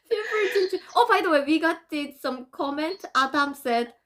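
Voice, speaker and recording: Giggly high-voiced Korean-born woman streamer. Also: lively intonation, normal speed, a bit bright. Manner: giggly, laughs often between words. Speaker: livestream host. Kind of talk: casual livestream chat.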